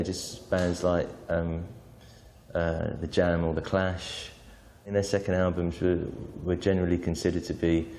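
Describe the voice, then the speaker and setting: Brief: very low, mellow male commentator, long reverb around him. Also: slight background noise. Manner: measured, hesitant with fillers. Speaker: interviewee. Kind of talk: reflective commentary.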